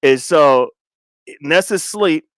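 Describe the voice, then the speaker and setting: Animated man telling a story. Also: fairly high pitch, slow, no room sound, clean studio sound. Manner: animated, repeats words, bursts of loud laughter. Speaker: streamer. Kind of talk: casual storytelling commentary.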